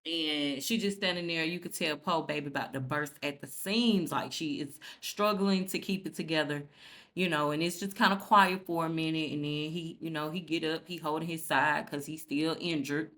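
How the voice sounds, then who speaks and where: Woman doing a casual tv recap, aave, lower voice, acts out the lines, cusses a lot. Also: normal speed. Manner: animated storytelling, acts out characters' lines, swears freely. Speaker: TV recap host.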